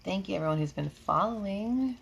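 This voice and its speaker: A woman's voice: mid-range voice, expressive, a little fast, gravelly, husky. A woman in her thirties from New York with a slight Southern drawl, chatting casually on a live stream and laughing often as she reads and answers comments. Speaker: reiki healer hosting a live stream. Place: home room with air conditioning.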